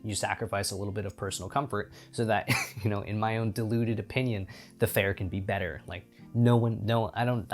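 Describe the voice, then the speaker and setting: A man with a slightly low voice chats casually to the camera as a channel host. He rambles, fills his talk with fillers and restarts, and keeps correcting himself. Soft guitar music plays faintly behind him. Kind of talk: casual talking-head chat.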